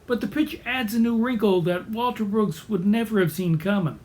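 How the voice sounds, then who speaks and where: A man's voice: high-pitched, moderate pace, a little mellow. A man giving a scripted, bookish video presentation in a wry, lightly amused manner. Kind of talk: scripted video essay narration.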